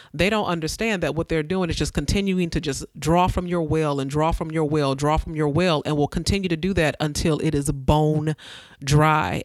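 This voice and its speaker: A woman's voice: low-pitched, dry recording. A woman hosting her own podcast, giving an earnest, preacher-like motivational talk that repeats phrases for emphasis. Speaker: podcast host.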